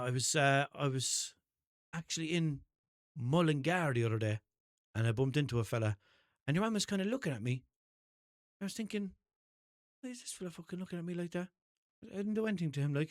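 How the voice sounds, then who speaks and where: A man's voice: on the high side, a little fast, long pauses, no echo, clean studio sound. A young Irish man with a Limerick accent, rambling through sweary, self-mocking stories on his solo podcast. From Ireland. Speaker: podcast host. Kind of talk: casual solo podcast monologue.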